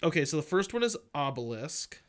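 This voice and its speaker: Lively, animated man with a swinging pitch who jokes, gets excitable and tells the player where to go during a casual game playthrough. Clear background noise hangs behind him in the recording. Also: a little fast. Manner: joking, excitable, directs the player. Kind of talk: casual gameplay banter.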